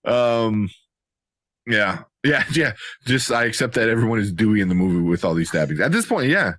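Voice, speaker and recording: A man's voice: on the low side, expressive, normal speed, a bit bright, no echo. A man co-hosting a casual movie review show, talking animatedly and laughing, often mimicking characters in playful voices. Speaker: podcast co-host.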